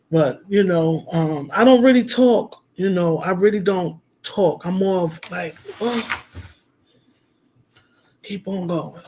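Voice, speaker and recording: High-voiced guy with a gravelly edge, casual livestream chat, heartfelt and rambly. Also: darkish tone, a little hiss or hum. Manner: heartfelt, rambling, many fillers. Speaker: minister and livestream host.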